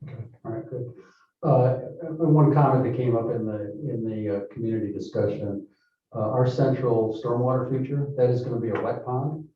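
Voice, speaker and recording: A man presenting a development project at a town board meeting, speaking haltingly with many fillers and restarts. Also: mid-range voice. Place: town hall meeting room. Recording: echoey council chamber, distant mic, muffled.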